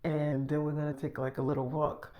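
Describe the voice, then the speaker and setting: A man voicing a tired, pregnant young wife in a hushed, breathy voice, in freestyle role-play storytelling. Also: fairly high pitch, level tone, brisk, close to an everyday voice. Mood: tired soft.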